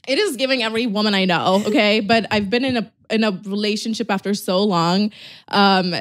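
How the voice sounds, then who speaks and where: A woman in her twenties hosting a podcast, chatting casually with a friend, swearing and making quick asides. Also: mid-range voice, no room sound, studio quality. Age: 20s. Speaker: podcast host. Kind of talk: casual chat.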